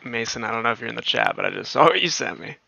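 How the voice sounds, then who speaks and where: A man's voice: medium pitch, expressive, rapid-fire, creaky, bright, forceful tone, dry recording, lo-fi sound. A man hosting a livestream, chatting casually and rambling with lots of fillers and frequent laughs. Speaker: livestream host.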